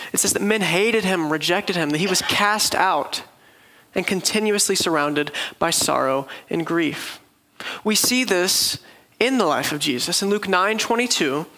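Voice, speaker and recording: A man's voice: sits high, bright, forceful tone, poor audio. A man preaching a sermon, telling the story earnestly and vividly.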